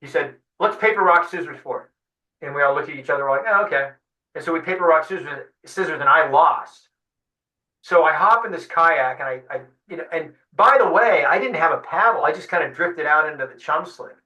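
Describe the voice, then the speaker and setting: A man, a fishing guide, telling a lively story in an interview, acting out what people said. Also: a little high, brisk. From San Diego. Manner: animated storyteller acting out quotes. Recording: echoey room, distant mic.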